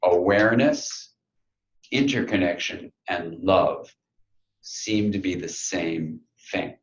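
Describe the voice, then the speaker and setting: Low-voiced man giving a reflective talk. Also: roomy sound, dull audio, a little hiss or hum. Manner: storytelling, reflective, quiet dramatic pauses. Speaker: speaker. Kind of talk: talk to an audience.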